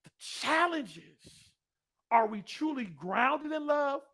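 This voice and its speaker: A man giving an energetic motivational speech to a live audience, swinging from hushed storytelling to loud, fired-up exclamations. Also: very high voice, slow pace. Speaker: keynote speaker. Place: large room, live audience.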